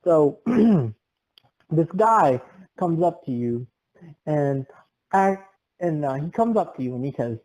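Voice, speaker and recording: Playful high-voiced young guy. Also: lively intonation, slow, long pauses, mellow, low-quality recording. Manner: playful, teasing storyteller who laughs often. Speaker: podcast co-host. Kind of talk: casual chat.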